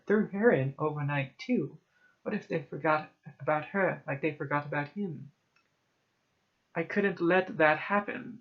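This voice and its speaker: Male horror-story reader, higher-pitched, dramatic, lo-fi home mic. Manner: dramatic first-person narration, hushed at tense moments. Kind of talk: horror story read aloud.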